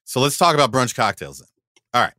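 A man's voice: medium pitch, very animated, fast talker, bright, forceful tone, no room sound, clean studio sound. A man co-hosting a podcast, chatting casually and explaining things at length with frequent restarts. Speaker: podcast co-host. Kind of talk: casual chat.

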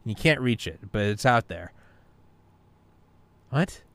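A man's voice: lowish voice, animated, slow, fairly bright tone, no room sound. A man in casual podcast chat, rambling, swearing and philosophizing as he talks. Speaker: podcast talker.

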